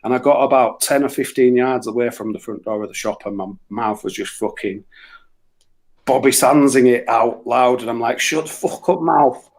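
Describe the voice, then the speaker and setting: A man telling comic stories in casual, sweary chat, with animated outbursts. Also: mid-range voice, moderate pace, poor audio. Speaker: musician and guest storyteller.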